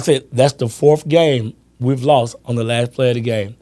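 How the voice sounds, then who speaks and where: A man hosting a sports podcast, telling animated stories in casual chat and acting out his friends' lines. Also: medium pitch, moderate pace. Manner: animated storyteller, acts out friends' lines, laughs often. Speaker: podcast host.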